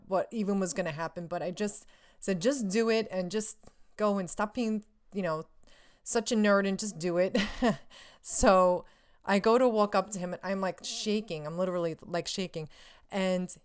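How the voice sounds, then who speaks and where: A young woman vlogger tells a story in a gushing, breathless rush, tripping over restarts and "like". Her voice is smooth and clear at a middle pitch. She laughs often while she talks. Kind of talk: excited storytelling vlog.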